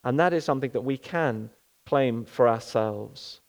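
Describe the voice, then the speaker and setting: A man's voice: medium pitch, measured pace, a little mellow. A male pastor giving an earnest sermon, often asking rhetorical questions.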